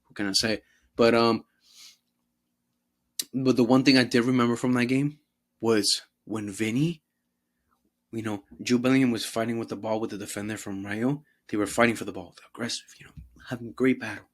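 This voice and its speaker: Brief: young male host, casual football rant, profane and animated, mid-pitched voice. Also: moderate pace, pauses often. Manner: profane, animated, mocks players in put-on voices. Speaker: podcast host.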